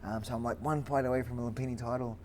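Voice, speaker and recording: A man in his forties from Australia, a fighter telling stories as a guest, lively with lots of fillers and restarts. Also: medium pitch, racing, slight background noise. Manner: animated storyteller with frequent fillers and restarts. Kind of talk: storytelling in an interview.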